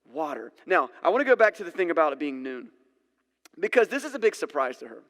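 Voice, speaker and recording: Laid-back man preaching to a congregation; fairly high voice, loose storytelling, reverberant church hall. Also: big pitch swings, fast, a bit bright. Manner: casual, conversational, acts out scenes. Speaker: pastor. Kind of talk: sermon. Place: church sanctuary.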